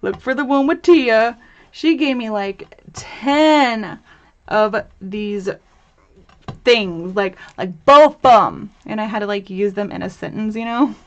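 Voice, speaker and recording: A woman's voice: medium pitch, slow pace, lo-fi sound. A young woman hosting a live crafting tutorial, chatty and bubbly, chatting with viewers as she works and laughing often. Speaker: host of a crafting livestream.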